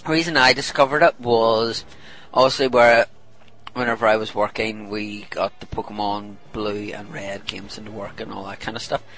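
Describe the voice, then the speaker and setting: A man's voice: on the low side, fairly even intonation, moderate pace, a bit bright, faint music behind, poor audio. A man, chatting casually as a podcast co-host, rambling and joking. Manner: rambling, jokey, slips into silly put-on voices. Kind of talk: casual chat.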